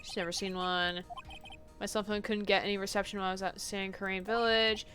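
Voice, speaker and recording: A woman's voice: medium pitch, little pitch movement, brisk, fairly bright tone. Chatty giggly woman streamer. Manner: chatty, giggly, reads game text aloud. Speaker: streamer playing a game. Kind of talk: casual let's-play chat. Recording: live stream with game music under.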